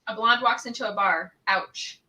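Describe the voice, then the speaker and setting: A woman's voice: medium pitch, normal speed, pushed and bright. A woman reading viewer jokes aloud from a live chat with straight, matter-of-fact delivery.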